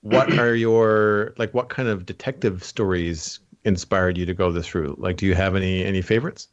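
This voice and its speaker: A man's voice: low voice, fairly even intonation, moderate pace, dull audio. A man hosting a podcast, rambling and thinking aloud with a lot of filler words. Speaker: podcast host. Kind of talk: casual podcast chat.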